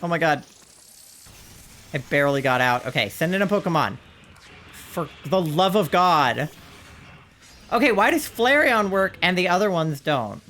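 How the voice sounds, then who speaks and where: Expressive, bright-voiced streamer. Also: mid-range voice, unhurried, long pauses. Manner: exasperated, swears often, yelps and shouts. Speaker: streamer playing a video game. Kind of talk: live gameplay commentary.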